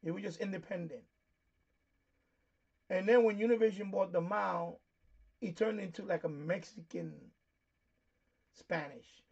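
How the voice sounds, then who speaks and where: Gravelly high-voiced New man. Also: unhurried, pauses often, darkish tone, muffled recording. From New York, USA. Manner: rambling, explains things with many fillers. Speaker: shortwave radio live stream host. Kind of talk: casual live stream chat.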